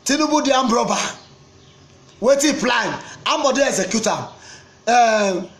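A man's voice: very high voice, lively intonation, measured pace, a bit bright. A Nigerian man with a Pidgin-inflected accent, giving a preachy, repetitive political rant that slips between English and Pidgin. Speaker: political commentator.

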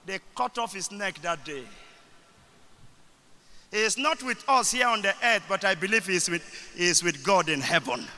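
A man with a Nigerian English accent, a bishop leading a Bible study who preaches and breaks into shouted declarations. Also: extremely high pitch, lively intonation, normal speed. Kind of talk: sermon. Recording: echoey hall.

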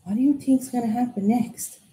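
A woman telling a Bible story to children in an animated way, asking them questions. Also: a little high, fairly quick, a little hiss or hum. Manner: animated, asks kids questions. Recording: echoey room.

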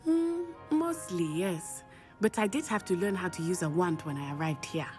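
An actress playing a friendly young female transfer student, gently encouraging. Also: lowish voice, lively intonation, moderate pace, soft background music, lightly acted.

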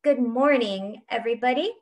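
A woman voicing a smug, falsely cheerful boy who flatters the adults. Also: fairly high pitch, unhurried. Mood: fawning. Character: smug, fawning rich boy.

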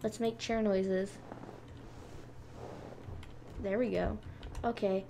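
A woman's voice: medium pitch, fairly even intonation, unhurried, gravelly, mellow, slight background noise. A young woman hosting a gaming channel, chatting playfully to viewers as she plays. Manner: chatty, playful, talks to viewers while clicking. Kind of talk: casual gameplay commentary.

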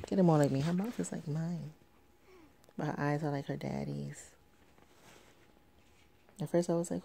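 A woman's voice: deep voice, creaky, dark tone, a little hiss or hum. A young woman vlogging casually from home, rambling and chatty with many fillers. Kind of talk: casual vlog talk. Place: home, at night with sleeping baby.

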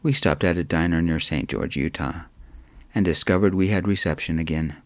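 Soft-spoken man with a low voice. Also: moderate pace, dry recording. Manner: calm, even, soft-spoken. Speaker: storyteller. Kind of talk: soft-spoken story narration.

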